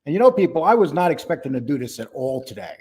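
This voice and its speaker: A man's voice: medium pitch, big pitch swings, quick pace, darkish tone, husky. An older man hosting a casual livestream, greeting viewers by name and talking bluntly and mockingly. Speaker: livestream host.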